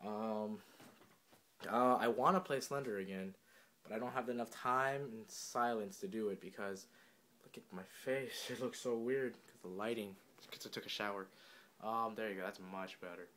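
A young man chatting casually to his camera at home, giddy and jokey with quick asides. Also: fairly low pitch, fairly bright tone. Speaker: vlogger. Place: home room, indoors.

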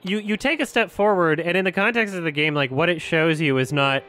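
A man's voice: a little high, brisk, pushed and bright, a little hiss or hum. A man streaming a horror game, chatting casually and bantering in a wry, teasing way. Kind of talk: casual let's-play commentary.

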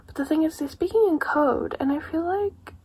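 A woman chatting casually in a reading vlog, rambling and excitable, swearing freely and sometimes dropping to a hushed near-whisper. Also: high voice, normal speed. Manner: drops to a hushed near-whisper late at night. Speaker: book vlogger.

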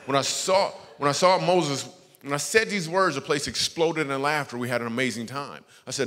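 A man giving a guest sermon as a comedian, telling stories in an animated, jokey way that turns hushed and earnest. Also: medium pitch, a little fast. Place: large church auditorium. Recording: long reverb from a big hall.

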